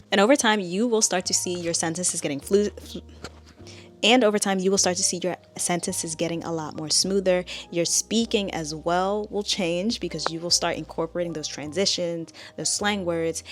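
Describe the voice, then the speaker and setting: A woman giving a casual spoken language tutorial, chatty and direct as she coaches the viewer. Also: lowish voice.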